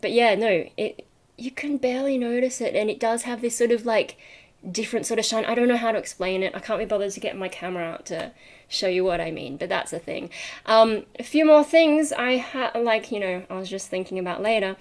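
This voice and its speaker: A woman's voice: on the high side, fairly quick. A young adult woman vlogger chatting casually to camera, rambling off on tangents with lots of ums and likes and frequent laughs. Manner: chatty, laughs often while talking.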